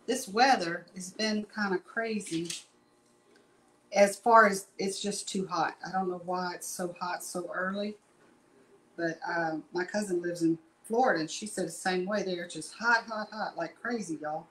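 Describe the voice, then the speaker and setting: A woman's voice: fairly low pitch, measured pace, fairly bright tone, a little hiss or hum, rough recording. Chatty woman teaching painting. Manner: chatty, rambling, folksy asides. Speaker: painting instructor. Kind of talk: casual live painting tutorial.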